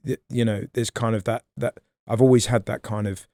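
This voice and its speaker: A man, a comedian guest on a podcast, talking in a rambling, animated way and swearing freely. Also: fairly low pitch, brisk, no room sound. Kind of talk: casual podcast chat.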